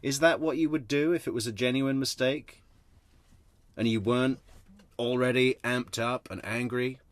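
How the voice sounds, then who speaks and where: A man's voice: mid-range voice, steady tone, normal speed, no room sound. Sarcastic male true crime commentator, dry sound. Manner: sarcastic, swears freely, laughs at the clips. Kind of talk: casual commentary over clips.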